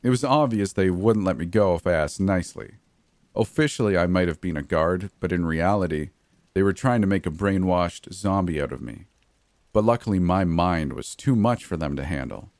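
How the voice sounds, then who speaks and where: A man's voice: low voice, normal speed, darkish tone, dry recording, clean studio sound. A man narrating a first-person horror story in a gritty, blunt way, with frequent mild cursing.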